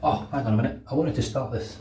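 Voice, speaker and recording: A Glaswegian man from Scotland talking casually and quickly while he shaves, dropping in asides like "know what I mean". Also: medium pitch, roomy sound, far from the mic, background noise. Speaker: wet shaving channel host. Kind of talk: casual talk over a shave.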